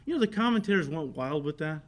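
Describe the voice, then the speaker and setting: A middle-aged man, a pastor, preaching a sermon and telling a story with lively swings from loud to quiet. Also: fairly high pitch, quick pace. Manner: storytelling with animated shifts in volume, laughing.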